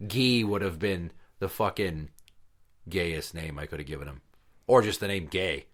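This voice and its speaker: A man's voice: deep voice, normal speed. A man co-hosting a podcast, trading crude jokes and childhood stories in casual chat and acting out the other people in them. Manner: profane storyteller, acts out voices mid-story. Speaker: podcast co-host.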